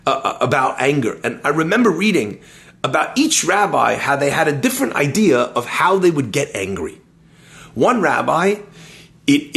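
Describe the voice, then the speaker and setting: A man teaching a lively Torah lesson, telling stories and using Hebrew terms. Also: high voice, vocal fry. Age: adult, schooled in yeshiva. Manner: animated storyteller, uses Hebrew terms.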